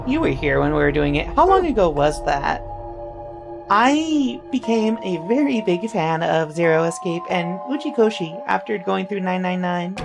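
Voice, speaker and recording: A woman's voice: fairly low pitch, vocal fry. Chatty woman streamer, slightly scratchy voice. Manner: chatty, rambling, greets chat eagerly. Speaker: VTuber streamer. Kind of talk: casual live-stream chat while playing. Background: game music.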